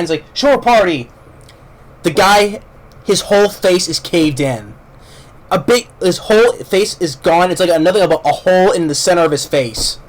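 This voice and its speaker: A man casually reviewing a film, rambling with many restarts and repeated words, blunt and informal, with casual swearing. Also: on the high side. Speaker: movie reviewer.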